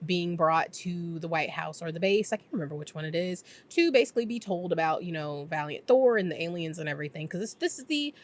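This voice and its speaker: A woman's voice: fairly low pitch, lively intonation. A woman casually recapping a TV episode for her channel, talking freely with lots of filler words. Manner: chatty, filler-heavy, slips into quick impressions. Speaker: YouTube TV reviewer.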